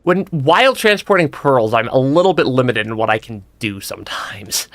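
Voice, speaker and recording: A man's voice: mid-range voice, sing-song, normal speed, a bit bright, dry recording. A young man giving casual let's-play commentary, stammering and restarting often and laughing between remarks. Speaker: streamer.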